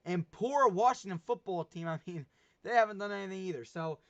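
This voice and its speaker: This young adult livestream host talks sports casually, his voice sitting high with a fairly quick pace and a slightly bright edge. He rambles along chattily and laughs at himself a lot, all through dull lo-fi stream sound.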